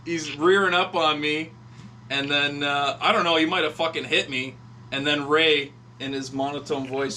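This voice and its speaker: A man in casual podcast chat, excitable and profane, often breaking into laughter. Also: a little high, moderate pace, a little hiss or hum.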